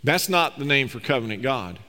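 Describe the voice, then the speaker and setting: A man's voice: mid-range voice, lively intonation, brisk, bright, forceful tone. A man preaching a sermon as pastor, reading scripture aloud and explaining it with emphatic, rising delivery. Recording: long reverb of a large hall.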